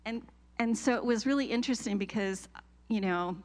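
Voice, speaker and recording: A middle-aged woman sharing an emotional personal testimony with a church group, telling it with animated feeling and laughs. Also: fairly high pitch, a little fast.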